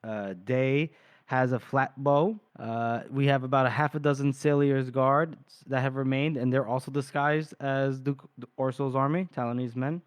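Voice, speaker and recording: A man co-hosting a book podcast, retelling scenes in a casual, animated way with lots of filler. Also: mid-range voice, clean tone, dry recording. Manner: animated retelling with filler ums and quick quoted asides. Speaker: podcast co-host.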